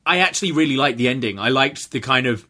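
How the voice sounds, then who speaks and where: A man's voice: mid-range voice, animated, quick pace, pushed and bright. A man co-hosting a casual movie review podcast, chatty and chuckling between thoughts. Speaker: podcast co-host.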